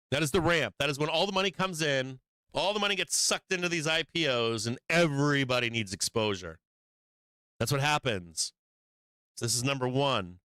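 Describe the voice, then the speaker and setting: A man's voice: mid-range voice, bright, forceful tone, smooth, no echo. Blunt, profane male market show host. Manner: blunt, profane, emphatic, repeats points. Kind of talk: livestream market commentary.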